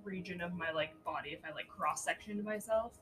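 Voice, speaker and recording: Her voice is lowish and a bit bright, moving a little fast over soft background music. She's a podcast co-host in casual conversation about astrology and spirituality, swearing freely and laughing often.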